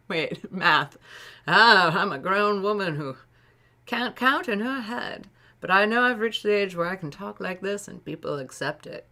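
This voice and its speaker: A woman's voice: medium pitch, pushed and bright. A woman in her late thirties chatting casually and rambling on a live art stream, laughing often. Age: late 30s. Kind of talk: casual live-stream chat while painting.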